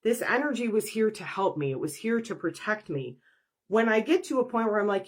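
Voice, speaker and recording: A woman's voice: medium pitch, lively intonation, a little fast. A woman, a professional energy worker, talking through a spiritual podcast monologue in a conversational way, acting out inner dialogues.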